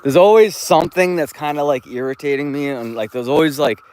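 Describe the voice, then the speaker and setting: A man's voice: on the high side, fairly quick, a little mellow, clear, resonant tone. A man live streaming from his phone while walking outdoors, talking in a laid-back, rambling way and swearing freely. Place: outdoors, walking through a park and woods.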